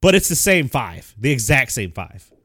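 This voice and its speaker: A young man co-hosting a casual chat, self-deprecating and quick to laugh. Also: mid-range voice, big pitch swings, a bit bright, dry recording, clean studio sound. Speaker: podcast co-host.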